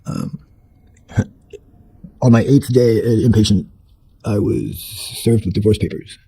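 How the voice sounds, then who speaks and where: A man's voice: lowish voice, fairly even intonation, slow pace, dark tone, a little hiss or hum, poor audio. A man telling his life story in an interview, blunt and profane, rambling with fillers and restarted sentences. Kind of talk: candid personal storytelling.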